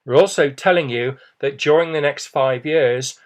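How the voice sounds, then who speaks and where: A man's voice: fairly high pitch, moderate pace. A middle-aged man giving a persuasive business presentation, reassuring and often adding "okay" and "you know".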